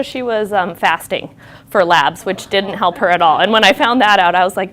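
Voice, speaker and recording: A woman's voice: mid-range voice, moderate pace, a bit bright, slight background noise. A woman nurse giving a candid, conversational talk to an audience, telling stories from her clinic work in a reflective way.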